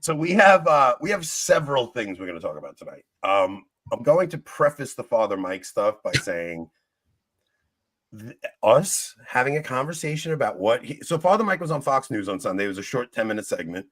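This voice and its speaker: A young man co-hosting a casual chat show, spinning a story with plenty of laughter and jokey exaggeration. His voice sits at a middle pitch. The recording is dry and close. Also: big pitch swings, a little fast, fairly bright tone, no room sound. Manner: laughing often, joking, mimics people in stories. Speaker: podcast co-host.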